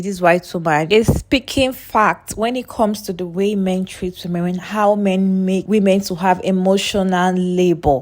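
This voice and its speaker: Woman YouTuber greeting her viewers. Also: on the low side. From Nigeria. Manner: friendly direct address to viewers. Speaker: YouTube channel host. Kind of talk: vlog introduction.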